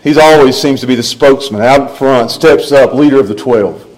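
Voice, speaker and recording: A man's voice: medium pitch, normal speed, a little mellow, low-quality recording. A man preaching a sermon, emphatic, with rising and falling delivery. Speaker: pastor.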